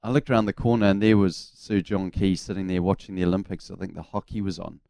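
A middle-aged man with a New Zealand accent, co-hosting a sports radio show and telling relaxed, self-deprecating stories. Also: low voice, quick pace, gravelly, no echo, studio quality. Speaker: radio co-host, former cricketer. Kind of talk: casual sports radio chat.

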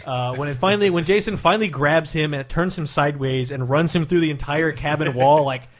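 A man's voice: a little high, a little fast. A man co-hosting a casual chat, enthusiastic and swearing freely as he tells stories. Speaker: podcast co-host.

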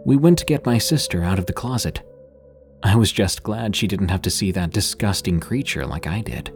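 A man reading horror stories in a measured, grave scripted narration, slowing for dramatic pauses. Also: low voice, a little mellow.

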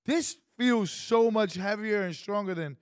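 A man in his twenties co-hosting a casual podcast chat, animated and profane, acting out quoted exchanges. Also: sits high, a little slow, clean tone, no echo, studio quality. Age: 20s. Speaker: podcast co-host.

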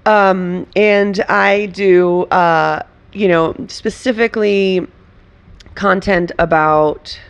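An animated woman from Venezuela, guesting in a casual interview. She laughs often, restarts her sentences, and keeps the talk lively. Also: medium pitch, extremely slow, clear, resonant tone, dull audio. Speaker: writer and performer guest.

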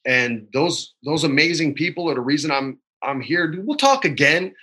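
A man in his forties talks openly as a guest on a video-call interview, his voice bright and forward. He speaks with plain emotion and drops "man" and "dude" into nearly every sentence. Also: on the high side, expressive, normal speed. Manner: candid, emotional, says "man" and "dude" a lot. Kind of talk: casual interview chat.

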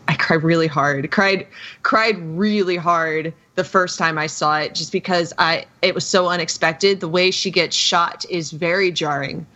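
A woman's voice: lowish voice, dull audio. A woman on a podcast as a guest, talking about a film in a giggly, heartfelt way with many restarts. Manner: warm-hearted, giggly, with frequent restarts and fillers. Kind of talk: casual film discussion.

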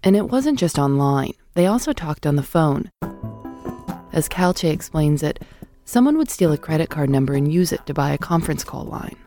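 Deep-voiced woman narrating a podcast. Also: lively intonation, normal speed, warm tone, soft background music. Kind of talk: scripted narration and interviewing.

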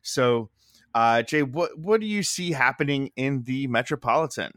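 Male podcast host, mid-pitch, casual and rambling, dry close mic. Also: normal speed, fairly bright tone, no echo. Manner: laid-back, rambling with fillers. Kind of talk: casual hockey podcast chat.

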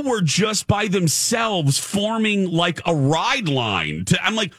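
A man hosts a casual radio chat, telling a self-mocking story. His voice is bright and lively, jumping around in pitch as he acts out the quotes. The mic is close and dry. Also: measured pace, few pauses, no room sound. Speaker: radio show host.

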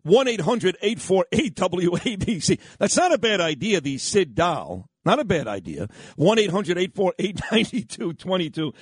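A man's voice: sits high, big pitch swings, normal speed, few pauses, breathy edge, no echo. A man hosting a morning talk radio show in an effusive, announcer-like way.

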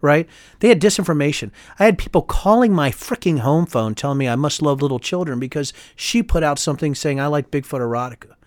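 A man, a former congressman, speaking as a guest in a candid political interview, fast and emphatic, often heated, tagging his points with "right?". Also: fairly high pitch, lively intonation, no room sound, studio quality. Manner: fast, emphatic and heated, many tag questions.

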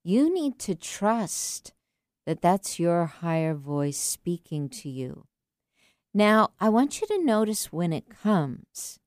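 A woman coaching aspiring authors in a low, smooth voice. She speaks slowly and earnestly, leaning on key words to encourage her listeners. The recording is dry and close, with no room sound. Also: sing-song, darkish tone, no room sound. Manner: earnest, encouraging, with slow deliberate emphasis. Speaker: writing coach, podcast host. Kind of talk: motivational coaching talk.

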